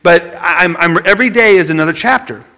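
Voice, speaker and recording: A man preaching a sermon, dropping from loud emphasis to a hushed near-whisper and often repeating words as he goes. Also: sits high, quick pace. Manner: repeats words as he searches for phrasing.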